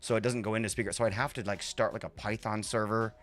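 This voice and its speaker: A man's voice: on the low side, steady tone, quick pace, a bit bright, faint music behind. A man hosting a live stream, chatting casually and rambling between talking to his chat and fiddling with his setup. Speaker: livestream host.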